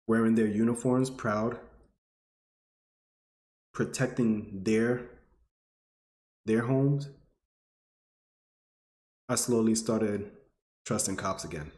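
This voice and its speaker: A man's voice: slow pace, long pauses, a little mellow, echoey room. A man in his twenties, telling a personal story to his audience in an earnest, emotional way. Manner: earnest, emotional, rising pitch when stirred. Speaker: vlogger.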